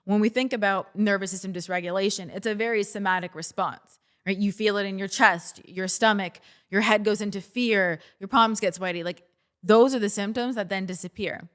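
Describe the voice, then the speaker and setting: A woman hosts a self-help podcast in a relaxed, conversational coaching manner. She speaks straight to her listeners and now and then acts out their excited reactions in quick quoted asides. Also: medium pitch. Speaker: podcast host. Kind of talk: casual self-help talk.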